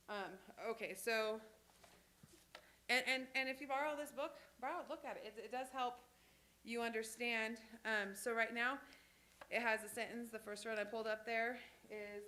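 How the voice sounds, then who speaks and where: A woman's voice: on the high side, bright, forceful tone, a little hiss or hum. A woman teaching a sign language class in a church classroom, talking casually with many fillers and restarts.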